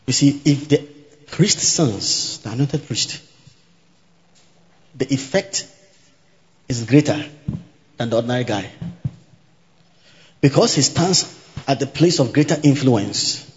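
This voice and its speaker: A man preaching a sermon in a church hall, repeating each point slowly and checking that the congregation is following. His voice carries a long reverb through the room, and the recording sounds dull and muffled. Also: medium pitch, a little mellow. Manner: teaching by repetition, asking the congregation if they follow; interjects hallelujah.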